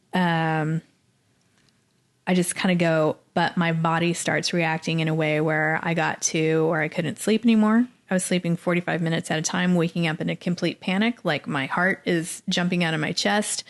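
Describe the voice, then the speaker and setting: Middle-aged woman from dallas, lowish voice, animated storytelling on a podcast, acts out what people said. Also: vocal fry. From Dallas, Texas. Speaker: podcast guest. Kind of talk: casual storytelling interview.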